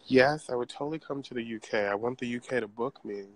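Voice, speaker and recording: A man who performs in drag chats casually and sassily with viewers on a live stream, calling them y'all as he shops in a big craft store and talks into a handheld phone. His voice is medium-pitched and fast.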